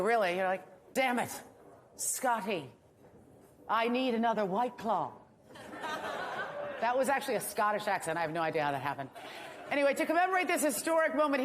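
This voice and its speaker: A woman with a slightly high voice hosts an awards ceremony. She delivers a joking monologue full of wry asides to a live audience. Her voice rings through a reverberant hall with a faint hum of ambience underneath. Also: fairly bright tone. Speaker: awards show host. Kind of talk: stand-up comedy monologue. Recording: echoey hall with faint room noise.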